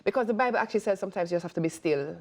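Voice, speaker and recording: A woman co-hosts a morning television show from the studio, chatting in a bubbly, joking manner. Her voice sits at an ordinary middle pitch. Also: animated, very fast. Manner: bubbly, laughs often, rhyming jokes. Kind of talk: casual chat.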